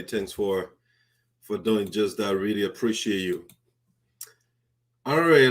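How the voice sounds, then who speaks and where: A man from Liberia hosting a live diaspora talk show. He chats loosely, restarts his sentences, and talks through his own equipment checks. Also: mid-range voice. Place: home studio. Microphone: headphones with a microphone.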